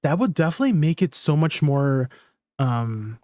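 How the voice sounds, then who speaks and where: A man's voice: a little high, expressive, normal speed, a little mellow, no room sound, clean studio sound. A man chatting casually to viewers while streaming a game, rambling with lots of fillers and restarts. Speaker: gaming streamer. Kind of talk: casual gameplay stream chat.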